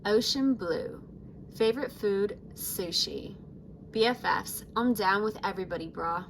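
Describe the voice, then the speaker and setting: A woman's voice: medium pitch, unhurried, creaky, slight background noise, low-quality recording. A woman voicing a laid-back teenage sea-monster surfer girl in a put-on mix of British, Australian and American accents, reading her diary aloud. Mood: breezy. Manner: breezy, chill beach talk.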